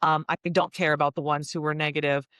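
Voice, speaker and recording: A woman's voice: low voice, fast, clear, resonant tone, dry recording. American woman, interview host, chatty, dry close mic. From United States. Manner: candid, talkative, animated storytelling. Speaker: host, real estate business owner. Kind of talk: video interview.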